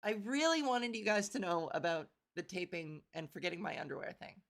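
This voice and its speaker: A young Canadian woman hosts a podcast, delivering a casual comedic monologue about a funny story. She's self-deprecating, laughs often, and acts out quick exchanges, with a buzzy edge to her voice. Her voice is fairly low, sing-song, and has vocal fry.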